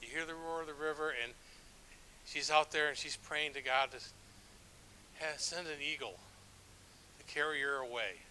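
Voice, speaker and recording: A middle-aged man serving as a church elder preaches in a relaxed, self-deprecating way, often restarting his sentences. His voice is bright and forceful and sits a bit high. A faint hiss runs under the recording. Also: normal speed, pauses often, poor audio. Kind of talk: sermon with storytelling.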